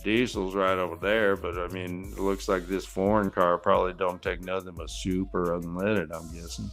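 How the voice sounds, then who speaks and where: A man's voice: low voice, little pitch movement, fairly bright tone, soft background music, voice pushed down. Man doing a drawling Texas gas station guy. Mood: laid-back. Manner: slow unhurried drawl, folksy grammar.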